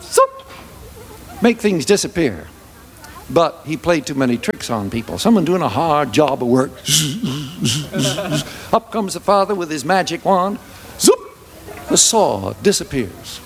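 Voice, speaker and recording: A man telling a folk tale to a ukulele, animated, with sung refrains and vocal sound effects. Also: fairly high pitch. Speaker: storyteller. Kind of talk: folk tale told to music.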